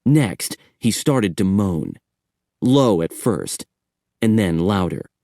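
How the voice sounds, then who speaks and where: Male narrator, low-ish voice, slow lively storytelling, dry studio. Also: gravelly, dry recording. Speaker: audiobook narrator. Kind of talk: scripted horror audiobook narration.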